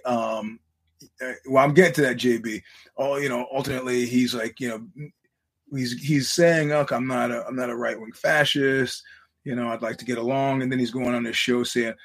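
Husky-voiced man rambling through a podcast. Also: mid-range voice. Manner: rambling, frequent restarts, quotes others in voices. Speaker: podcast host. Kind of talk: casual monologue to listeners.

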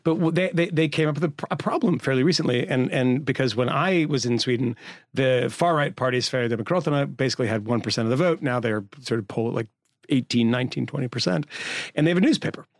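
A man's voice: mid-range voice, fast, dry recording, clean studio sound. A man co-hosting a political podcast, explaining carefully in a casual way, with some stammered restarts. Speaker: podcast co-host.

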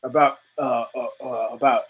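A man's voice: medium pitch, fairly even intonation, normal speed, a bit bright, poor audio. A male show host giving a blunt, rambling commentary monologue full of profanity and restarts.

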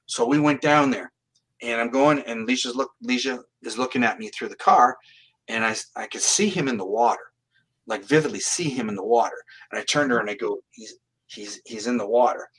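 Earnest, plain-spoken man from Canada, bright and forceful delivery, interview guest telling stories. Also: mid-range voice, brisk, breathy edge, poor audio. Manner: earnest, plain-spoken, restarts his phrases. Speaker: psychic medium guest. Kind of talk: storytelling in an interview.

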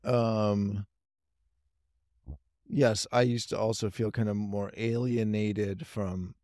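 A man with a low voice conducts a relaxed interview, speaking in a reflective, measured way. The recording is dry and close, with little room sound. He often affirms what his guest says. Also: no echo. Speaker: podcast host. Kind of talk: conversational interview.

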